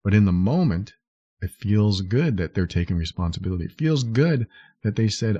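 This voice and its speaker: A man's voice: lowish voice, lively intonation, moderate pace, warm tone, no room sound, muffled recording. A man hosting a podcast, talking earnestly and explaining things step by step, sometimes acting out what someone might say. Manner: earnest, explains step by step, acts out quoted lines. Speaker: podcast host. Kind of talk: solo podcast advice talk.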